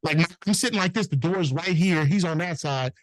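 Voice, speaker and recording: Middle-aged man, higher pitch, dry mic; animated, profane storyteller who does the voices. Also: a little fast, no room sound, rough recording. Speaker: notary business owner, guest. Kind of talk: casual storytelling interview.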